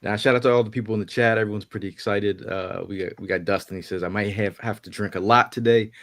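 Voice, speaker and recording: A man with a low-pitched voice hosts a casual live sports fan podcast. He sounds upbeat and keeps building hype for the big game, often restarting and repeating words as he goes. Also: steady tone, quick pace, a bit bright. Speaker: podcast host.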